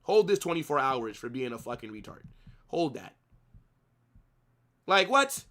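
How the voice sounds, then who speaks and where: A man's voice: a little high, wildly swooping pitch, normal speed, long pauses, bright, forceful tone. A young man hosting a live football watch-along, ranting at his viewers with heavy profanity and lots of repetition. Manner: profane, ranting, repeats himself.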